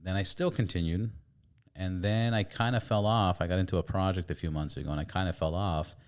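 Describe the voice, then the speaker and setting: Low-voiced chatty podcast host. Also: male voice, fairly even intonation, fairly quick, smooth. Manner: chatty and candid, swearing casually. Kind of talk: casual chat.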